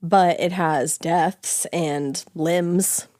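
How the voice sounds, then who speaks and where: A woman co-hosting a podcast in playful casual chat, bantering quickly with a co-host. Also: lowish voice, steady tone, mellow, no room sound, studio quality.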